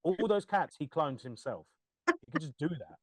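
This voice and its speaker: Podcast co-host, thirties, male, lively and jokey, swears freely, acts out quotes, dry mic. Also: on the high side, normal speed, dry recording. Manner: animated, laughing, swears, acts out quoted lines. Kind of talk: casual chat.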